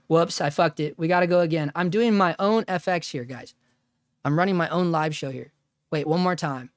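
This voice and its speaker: A man hosting a live stream from home talks in a loose, rambling way, joking and laughing at himself as he goes. His voice sits a little high for a man. The sound is dry and close, with no room echo. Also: moderate pace. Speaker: livestream host. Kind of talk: casual live-stream chat.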